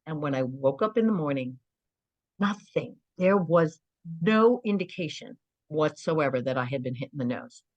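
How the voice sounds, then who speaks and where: A middle-aged woman, a guest on an interview podcast, telling stories in an earnest, animated way and often saying "you know". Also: low-pitched, normal speed, dry recording, lo-fi sound.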